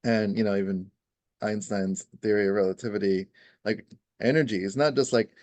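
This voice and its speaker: A man's voice: on the low side, steady tone, moderate pace, darkish tone, dry recording. A man who practises Ayurveda, explaining in a rambling, casual way, full of "you know" and "right?" and little acted-out quotes.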